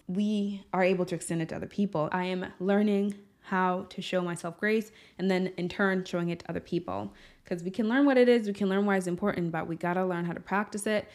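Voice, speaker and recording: A woman's voice: mid-range voice, darkish tone. A woman hosting a podcast, talking through a personal story in an earnest, candid way with lots of fillers. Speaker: podcast host. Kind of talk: personal reflective monologue.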